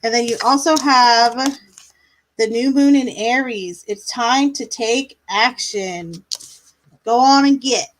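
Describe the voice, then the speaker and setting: A woman's voice: fairly high pitch, takes it slowly, low-quality recording. A woman doing tarot readings on a live stream, chatty, laughing now and then, drawing out her words. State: yawning, a bit tired. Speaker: tarot reader.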